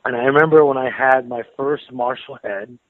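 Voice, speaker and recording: An American man being interviewed as a metal guitarist, chatty and relaxed, laughing often and repeating words as he thinks. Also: medium pitch, normal speed, no echo. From United States. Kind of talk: casual phone interview. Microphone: phone. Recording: tinny dry phone line.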